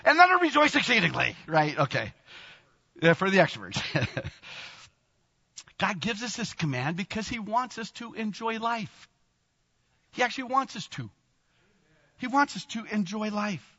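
A man in his sixties preaching a sermon in a church, animated, laughing often and bursting into exclamations. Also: high-pitched, normal speed, long pauses, slightly rough. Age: 60s. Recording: long reverb, dull lo-fi sound.

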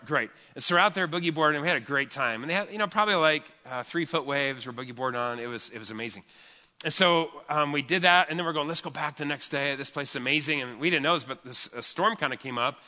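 A man telling a story in a chatty, animated way as a pastor during a sermon. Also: medium pitch. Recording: long hall reverb.

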